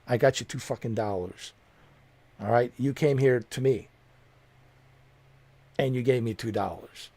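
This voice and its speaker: Close to a desk mic at home, a streamer furiously curses out a viewer, repeating himself and staying confrontational. His medium-pitched voice is warm and unhurried, with frequent pauses and no room sound.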